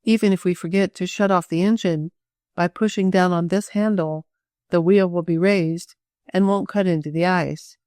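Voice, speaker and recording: A bold, practical girl who speaks with calm assurance, as a woman narrator gives her voice. The tone is low-set and dry, as in a storybook reading. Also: moderate pace, dry recording, natural voice. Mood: assured.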